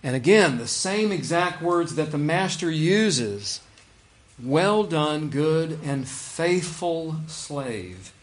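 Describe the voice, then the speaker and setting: A man's voice: fairly high pitch, animated, slow. A man preaching a sermon in a conversational way, reading scripture aloud with emphasis. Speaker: pastor.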